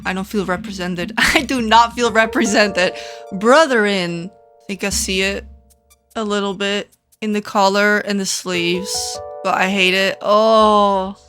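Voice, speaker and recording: A woman from the Netherlands, chatting casually as she reviews game outfits, quick to react with dramatic mock outrage. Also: mid-range voice, a bit bright. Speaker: gaming content creator.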